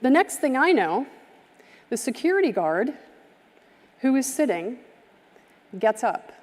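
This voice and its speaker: A woman's voice: high-pitched, very animated, measured pace. A woman speaking at a summit, telling a heartfelt story with vivid detail and acting out the people in it. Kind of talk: storytelling keynote talk. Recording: live stream from a reverberant hall.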